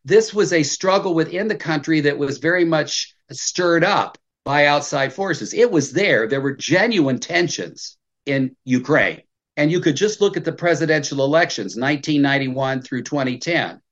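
A man's voice: a little high, moderate pace. Older man, muffled lo-fi audio. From United States. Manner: emphatic, with frequent restarts and stammered openings. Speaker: professor. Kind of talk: interview answers.

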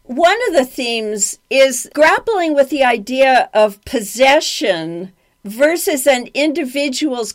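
Woman host, interviewer; unhurried, deliberate questions, a bit high.

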